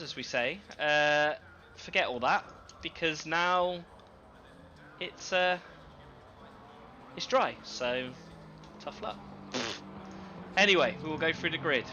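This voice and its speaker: A man's voice: medium pitch, lo-fi sound. A man giving live sim racing commentary, chatty and running through the grid with asides. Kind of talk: live esports race commentary. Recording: loud game engine noise behind.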